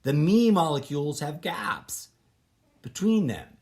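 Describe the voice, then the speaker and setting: A man's voice: mid-range voice, lively intonation, unhurried, long pauses. A man hosting his own podcast, thinking aloud in a casual, rambling monologue that is full of restarts and loose asides. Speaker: podcast host.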